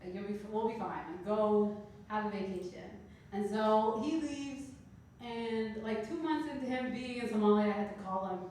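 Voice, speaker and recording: A woman in her thirties from Canada doing a stand-up comedy set, telling stories with deadpan, dark punchlines. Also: mid-range voice, moderate pace, slight background noise. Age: 30s. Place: comedy club stage. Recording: echoey club room heard from a distance.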